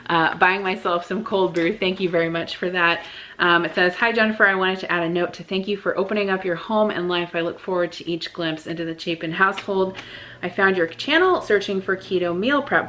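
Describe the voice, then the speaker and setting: Giggly, chatty woman with a gravelly edge. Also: fairly low pitch, sharp tone. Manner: chatty, giggly, rambling with restarts. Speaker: vlogger. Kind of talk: casual vlog, reading viewer cards.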